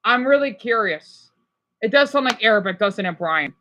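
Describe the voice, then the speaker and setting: A woman's voice: a little high, lively intonation, normal speed, fairly bright tone, muffled recording, slight background noise. A woman casually teaching a pretend class about how languages compare, eager and chatty, often restarting and hedging.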